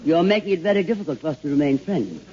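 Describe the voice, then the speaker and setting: A woman hosting a scripted radio comedy, trading theatrical, drawling endearments and sharp put-downs with her guests. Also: deep voice, animated, rapid-fire. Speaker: show host. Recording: dull 1950s radio broadcast with hiss.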